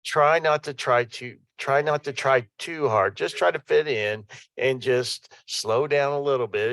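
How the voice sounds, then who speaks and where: A man's voice: mid-range voice, unhurried, few pauses, fairly bright tone, no room sound. A man, president of a town council, answering a resident in a reassuring way and often repeating himself. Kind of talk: meeting chair responding. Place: town council meeting room.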